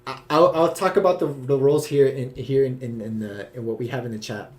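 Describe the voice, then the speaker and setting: A young man, the creator of a series, hosting a live Q&A with his cast. He explains his characters loosely and haltingly, leaning on "you know" as he goes, and he is keen on the characters. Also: medium pitch, steady tone. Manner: enthusiastic about his characters. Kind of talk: live-stream Q&A chat.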